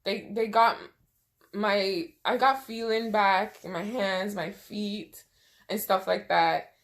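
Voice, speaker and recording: A woman's voice: medium pitch, fairly even intonation, slow pace. A young woman telling a personal storytime, emotional and close to tears, acting out what people said. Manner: emotional, tearful retelling with quoted dialogue. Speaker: vlogger. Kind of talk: storytime vlog.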